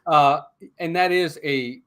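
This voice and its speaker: Hosting a casual movie review podcast streamed live, a man speaks slowly and smoothly in a voice on the high side. He's lively, laughs readily, talks with his co-host, and delivers a rhyming mock ad.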